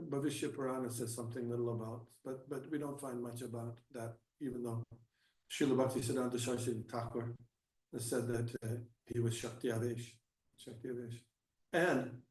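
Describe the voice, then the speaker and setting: Echoey far-off man giving scripture class. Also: medium pitch. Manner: halting, restarts often, grows emphatic. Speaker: class speaker. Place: temple hall. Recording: echoey room, mic at a distance.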